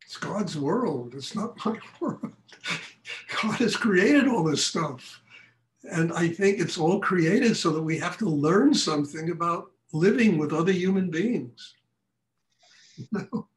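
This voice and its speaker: A man's voice: high-pitched, slow pace. Frank older man teaching in echoey room. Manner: frank, animated storytelling. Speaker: meditation teacher. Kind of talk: lecture and Q&A after meditation. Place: meditation class room.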